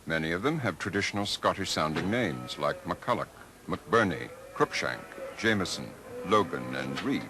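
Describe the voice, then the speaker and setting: Low lively documentary narrator. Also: male voice, moderate pace, music in the background, poor audio. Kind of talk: scripted narration. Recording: archival 1980s documentary with noise.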